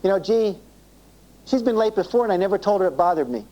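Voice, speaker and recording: A man's voice: high voice, lively intonation, fast talker, mellow, dull audio. A man giving a live self-esteem seminar to an audience, acting out little dialogues and asking the room questions, on an old cassette tape. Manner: acts out dialogue in quoted voices, asks the audience questions.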